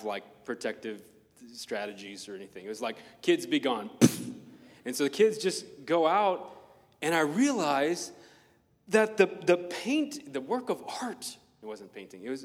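A man preaching a sermon in a hall that rings with long reverb. His voice sits a little high and swings widely in pitch as he acts out the people in his stories. The delivery is playful and story-driven.

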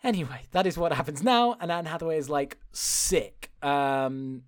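A man's voice: fairly high pitch, normal speed. A man co-hosting a podcast, recapping a film in casual chat, incredulous and swearing as he laughs through it. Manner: animated, incredulous, swears and laughs while retelling. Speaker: podcast co-host.

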